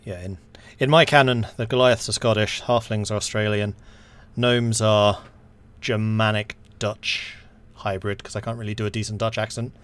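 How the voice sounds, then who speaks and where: Low-voiced game master, casual chat. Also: male voice, fairly even intonation, fairly bright tone. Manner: explains his rules with many pauses and fillers. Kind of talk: casual chat between tabletop game sessions.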